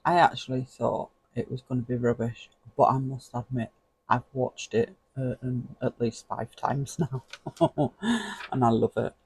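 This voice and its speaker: Chuckling often, a mellow, relaxed man talks slowly to his viewers as he pages through something, giving casual flip-through commentary in a husky, gravelly voice. He's a vlogger, and the recording is dry and low quality.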